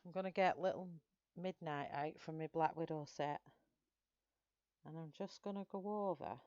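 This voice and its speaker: A woman's voice: sits low, normal speed, darkish tone, no echo, lo-fi sound. A middle-aged woman chatting casually with viewers while she colours live, rambling from one story to the next. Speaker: colouring channel host.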